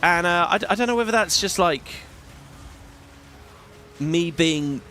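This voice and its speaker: Slight background noise sits under a high, expressive male voice that's a little slow, pushed and bright. The speaker, a British YouTuber in his thirties, rambles casually while gaming, chatty, sweary and full of restarts.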